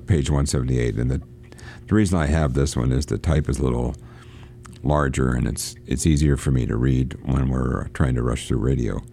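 A man's voice: extremely low pitch, vocal fry, mellow. A man on a radio program reading passages from a novel aloud and talking them over, with frequent restarts. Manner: reads quoted passages aloud, halting with restarts. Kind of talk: casual reading and discussion on radio. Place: church.

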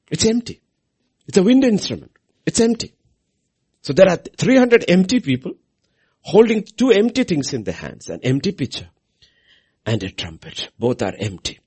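A man delivering a sermon in a slightly husky voice. His pitch rises and falls widely as he drives his points home, repeating lines for weight. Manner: preaching with big swings in pitch and loudness, repeating phrases for emphasis. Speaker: preacher.

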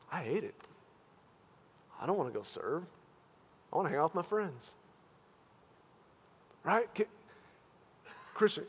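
Earnest high-voiced male pastor preaching. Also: breathy edge, long reverb tail. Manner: earnest, questioning, swings from hushed to loud. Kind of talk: sermon.

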